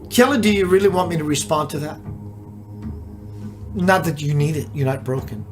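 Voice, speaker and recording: A spiritual teacher hosting a live stream, speaking slowly and musingly with many rhetorical questions, and reading out viewers' chat comments. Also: medium pitch, faint music behind.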